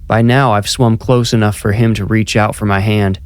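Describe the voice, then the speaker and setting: A man's voice: fairly low pitch, steady tone, moderate pace. A man narrating a first-person horror story in a tense, conversational storytelling manner.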